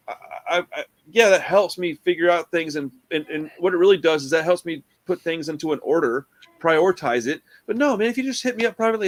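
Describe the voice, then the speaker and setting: A man hosting a casual film podcast, talking in an animated, slangy way and acting out quotes. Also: on the high side, fast talker, no echo. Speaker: podcast host. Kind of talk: casual chat about a film.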